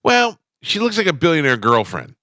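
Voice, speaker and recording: A man's voice: on the high side, huge pitch swings, moderate pace, pushed and bright, no echo. A man hosting a morning radio show, blunt and crude, joking with his co-hosts in the studio. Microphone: studio microphone.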